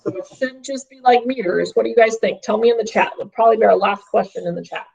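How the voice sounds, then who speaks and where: A woman's voice: a little high, fast talker, gravelly, a little mellow, slightly rough. Lady teaching math over a video call from home, cheery, asks the chat stuff, kinda dull tinny audio. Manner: upbeat, checks in often with "okay?". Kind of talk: live online class lesson.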